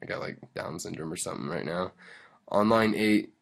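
Low-voiced young man rambling through a tutorial. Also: a little fast, vocal fry. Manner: rambling, self-deprecating, reads instructions aloud with asides. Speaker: tutorial host. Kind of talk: casual screen-recorded coding tutorial.

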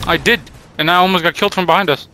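A young man playing a video game with friends, trash-talking and yelling at his teammates. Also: sits high, fairly even intonation, very fast, a little hiss or hum. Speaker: gamer. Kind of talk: casual gaming banter.

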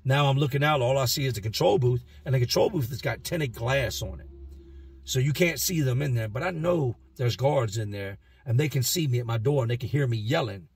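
Husky-voiced man telling a story. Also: mid-range voice, fairly quick, dry recording. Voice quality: street slang, emphatic. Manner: animated, acts out the voices in his stories. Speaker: vlogger telling prison stories. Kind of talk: casual first-person storytelling.

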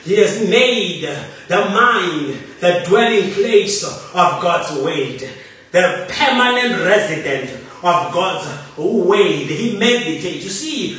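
High, lively-voiced preaching man, echoey. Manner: rhythmic, repetitive preaching with frequent hallelujahs. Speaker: bishop preaching. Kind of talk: sermon. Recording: echoey room from a distant mic, faint noise.

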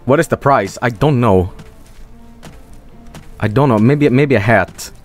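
A man streaming a video game, rambling and swearing in casual commentary with sudden high-pitched outbursts. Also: unhurried, soft background music.

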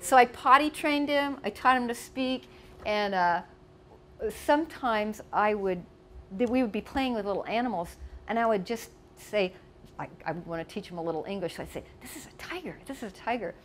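An American woman casually reminisces about her past while showing photos, chatty and full of asides as she tells her stories. Her voice is medium-pitched and a bit bright at a normal speed, with slight background noise.

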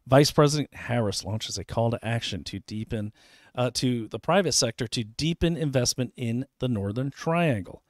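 A man's voice: medium pitch, darkish tone, dry recording, studio quality. A man hosting a show, reading documents aloud with sarcastic asides in a casual, conversational way. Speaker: show host.

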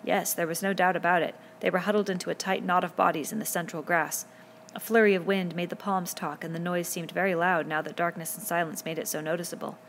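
A woman narrating a novel aloud in a steady, measured reading voice. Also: lowish voice, a little hiss or hum. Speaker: audiobook reader.

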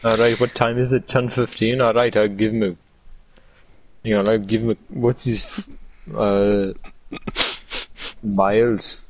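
A man's voice: lowish voice, flat delivery, a little slow, long pauses, rough recording. A young man from Australia with a put-on Irish accent, chatting casually while gaming, brash and swearing in mock-aggressive banter. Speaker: gaming streamer.

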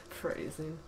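Sarcastic woman commentating a game. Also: noisy background. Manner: sarcastic, talks to the game, laughs and yelps often. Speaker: gameplay commentator. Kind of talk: casual let's-play commentary.

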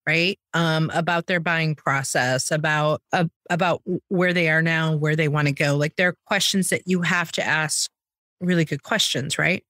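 A woman's voice: steady tone, fairly bright tone, no room sound, clean studio sound. Emphatic American woman sales host. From United States. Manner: emphatic, quick, rising pitch on key points. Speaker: podcast co-host, sales trainer. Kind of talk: casual chat.

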